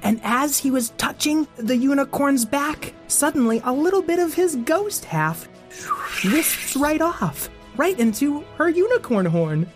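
A man hosting and improvising a children's story, playful and expressive, asking his young co-teller questions. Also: very high-pitched, a little slow, music in the background. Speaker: host and storyteller.

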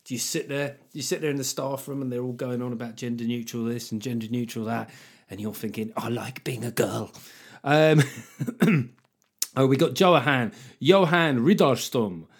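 A middle-aged man talks through his solo comedy podcast. He is wry and a bit sweary, and he keeps sliding into jokey asides. His voice sits at an ordinary middle pitch for a man. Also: normal speed. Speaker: podcast host.

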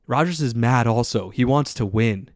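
A man hosting a solo sports podcast, talking in an excitable, rambling way with lots of filler words. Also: mid-range voice, moderate pace, dry recording, clean studio sound. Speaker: podcast host.

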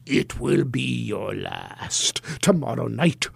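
A man voicing a menacing goblin king in a read-aloud storybook, speaking slowly and with looming threat. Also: medium pitch, expressive, creaky, slightly rough, no echo, clean studio sound, voice pushed down, heavily acted. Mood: threatening. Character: menacing male goblin king, deep and slow.

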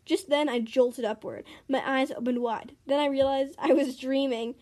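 A woman reading her own made-up story aloud, earnest and expressive, with small stumbles. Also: high-pitched, normal speed.

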